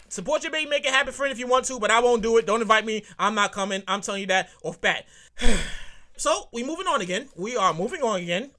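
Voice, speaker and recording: A woman hosting her own show, ranting comedically in a profane, repetitive, animated way. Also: on the high side. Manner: animated, profane, repeats lines for emphasis. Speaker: podcast host. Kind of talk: solo comedic rant.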